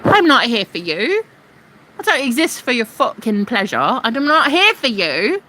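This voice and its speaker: A brash woman streamer rants in a casual, profane, sarcastic way. Her voice is bright and sharp, and her pitch jumps all over with very animated delivery. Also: a little slow, slight background noise, poor audio. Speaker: live streamer. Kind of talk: casual ranting livestream.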